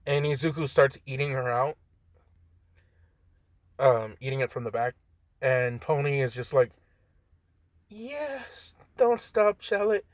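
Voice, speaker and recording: A man's voice: medium pitch, steady tone, moderate pace, long pauses, dry recording. A young man casually improvising a story, rambling with lots of fillers and joking asides.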